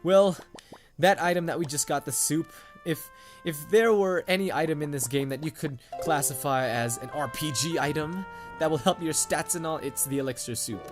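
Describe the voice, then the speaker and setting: A man's voice: fairly high pitch, moderate pace. Chatty man narrating a video game. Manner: chatty, rambling, joking. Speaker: let's play host. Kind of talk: game commentary. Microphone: condenser mic. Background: game music.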